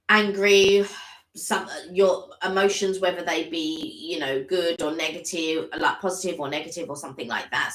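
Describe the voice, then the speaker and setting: A woman's voice: fairly low pitch, a bit bright. A woman co-hosting a casual live stream, chatting at length and filling her talk with "like" and "sort of". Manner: chatty, rambling, full of "like" and "sort of". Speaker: co-host. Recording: roomy echoey room.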